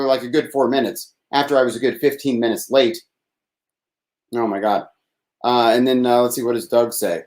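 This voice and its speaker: A man hosts a rambling solo live-stream call-in show from his desk, thin-voiced and a little whiny, sighing, swearing and running himself down. He speaks at a moderate pace with medium pitch and a darkish tone. An unprocessed desk mic picks him up.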